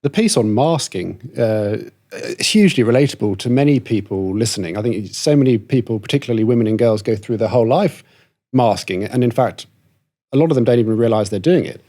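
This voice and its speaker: Mellow-voiced man hosting a podcast. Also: medium pitch, expressive, a little fast. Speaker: podcast host. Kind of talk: interview questions.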